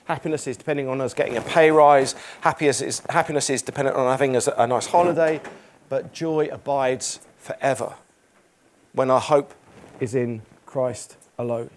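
A man's voice: mid-range voice, normal speed, a little hiss or hum. A man preaching a sermon in church, earnest and emphatic, repeating phrases and reading scripture aloud.

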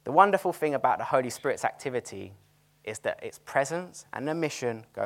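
Lively man preaching. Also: medium pitch, fairly quick. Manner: animated, chatty, laughs at his own stories. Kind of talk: sermon with storytelling. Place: cinema used as a church venue.

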